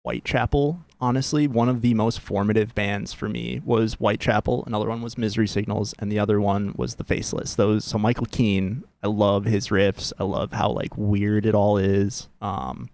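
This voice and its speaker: Gravelly, enthusiastic podcast guest. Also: male voice, on the low side, level tone, moderate pace, few pauses, a little mellow. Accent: Upper Midwest American. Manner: enthusiastic, sweary, gushing about bands. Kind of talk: casual chat.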